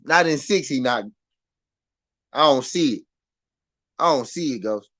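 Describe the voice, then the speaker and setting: A man with a Southern US accent hosting a casual live boxing chat, animated and repetitive, swinging from muttering to loud outbursts. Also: medium pitch, a little slow. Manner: animated, swings from muttered to shouted, laughs often, repeats himself. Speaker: boxing show host.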